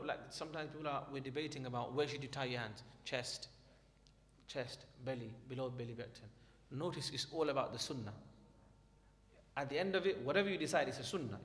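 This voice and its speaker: A quick-speaking man with a fairly high voice, teaching a prayer class in a reassuring, explanatory way. His voice rings with long reverb from a hall, over faint background noise. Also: fairly bright tone. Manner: explanatory, reassuring, reads from a textbook with footnotes. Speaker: Islamic studies teacher.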